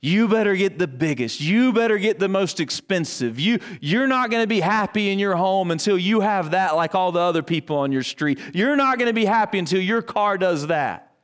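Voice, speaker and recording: A man's voice: high voice, expressive, moderate pace, clean tone. A male pastor preaching a sermon, building emphasis through repetition and rhetorical questions.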